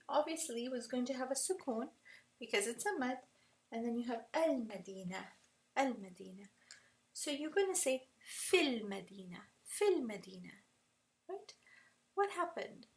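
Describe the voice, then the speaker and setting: A woman's voice: sits high, far from the mic, poor audio. Patient woman teaching at a whiteboard. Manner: patient, checks in with "right?". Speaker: tajweed teacher. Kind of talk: explaining at a whiteboard.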